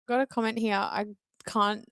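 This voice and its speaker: A woman co-hosting a casual podcast, reading out listener comments with a relaxed, teasing manner. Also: a little high, moderate pace, smooth, dry recording.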